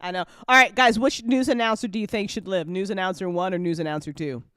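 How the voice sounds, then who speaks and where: A woman hosting a casual after-show chat, talking in an animated way and laughing often. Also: mid-range voice, quick pace, no room sound, studio quality. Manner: giggly, animated, frequent laughter. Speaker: host and show creator. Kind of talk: casual chat after a live listen party.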